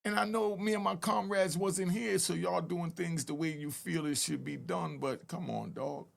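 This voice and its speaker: Older New man in his sixties, gravelly and a touch high, earnest street-wise host making a direct plea. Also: steady tone, moderate pace. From Harlem, New York. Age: 60s. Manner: earnest, pleading, street-style talk with rising emphatic peaks. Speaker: channel host telling prison stories. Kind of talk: direct-to-camera commentary.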